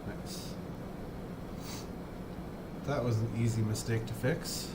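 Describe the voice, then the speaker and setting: A chatty man with a North Dakota accent, talking at an ordinary pitch in loose, rambling, self-deprecating asides. He is streaming from home and the recording carries a loud, steady noise beneath his voice. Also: slow pace. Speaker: livestream host building a model kit. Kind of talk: casual live-stream chat. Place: home, indoors.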